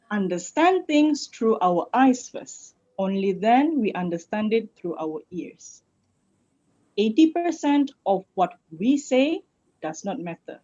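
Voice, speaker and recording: A Malaysian woman with a fairly high voice coaches over a video call in a playful, teasing manner, swinging her pitch up and down to make her points. Her Malaysian English accent comes through clearly. The audio is dull and lo-fi, like a video call. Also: dark tone. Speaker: public speaking coach. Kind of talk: online workshop talk.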